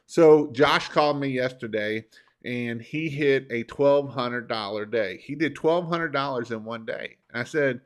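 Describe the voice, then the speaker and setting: A man's voice: mid-range voice, measured pace. Folksy man coaching. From Northern Kentucky, USA. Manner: folksy, rambling, plain-spoken. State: sore throat. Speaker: business coach. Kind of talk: motivational live-stream talk.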